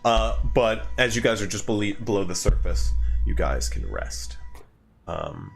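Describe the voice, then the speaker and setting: A man narrating as game master of a tabletop game, with many pauses and fillers. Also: on the low side, sing-song, creaky, soft background music.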